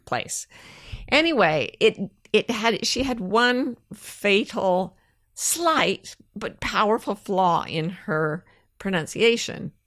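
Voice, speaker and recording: A middle-aged woman co-hosting a podcast, telling a personal story in a casual, animated way. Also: medium pitch, slow, no room sound, studio quality. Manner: animated storyteller, laughs through her own anecdotes. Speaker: podcast co-host.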